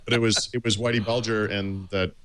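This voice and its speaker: A deep-voiced man with a Boston accent wanders through an anecdote, restarting his sentences as he goes. He sounds like a co-host chatting casually on a talk show. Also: fairly even intonation, fairly quick, a bit bright. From Dedham area, Massachusetts. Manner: rambling anecdotal storytelling with restarts. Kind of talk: casual chat.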